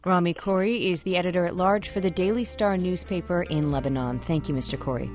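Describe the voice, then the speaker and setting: A woman hosting a news radio interview, crisp and formal, reading scripted introductions and asking questions. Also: lowish voice, brisk, a little mellow, faint music behind.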